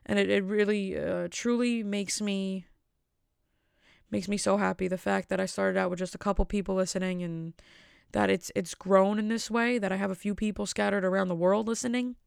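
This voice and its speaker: A woman hosts her podcast from home in a loose, rambling chat and pokes fun at herself as she goes. Her voice has a gravelly, fry-tinged edge. The sound is dry and close, with no room echo. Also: mid-range voice, steady tone, moderate pace. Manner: rambling, self-mocking jokes. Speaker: podcast host. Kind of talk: casual solo podcast chat. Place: at home with family asleep.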